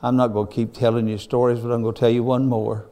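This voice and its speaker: Older preacher guy telling stories in a sermon, folksy, mellow warm voice. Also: medium pitch, level tone, fast. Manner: folksy, earnest testimony. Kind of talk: storytelling sermon.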